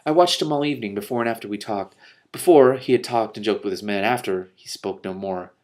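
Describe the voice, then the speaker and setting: A man reads a novel aloud in a somewhat low voice, pausing often to react with feeling. His reading is plain and unhurried, and his asides spill over with emotion before he goes back to the text. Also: darkish tone. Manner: gets emotional and breaks off to react. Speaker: reader and commentator.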